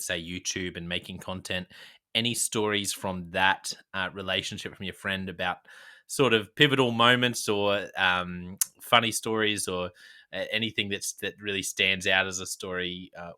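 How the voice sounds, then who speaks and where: A male podcast host with a very low voice that still cuts through with a sharp, forceful brightness. He asks long, winding questions, circling back with fillers as he goes. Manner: rambling questions with many fillers. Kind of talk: interview.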